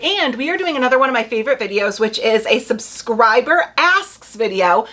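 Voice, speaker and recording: A young woman chatting casually to camera about book picks, full of quick asides and "like". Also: sits high, a bit bright. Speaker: booktube creator.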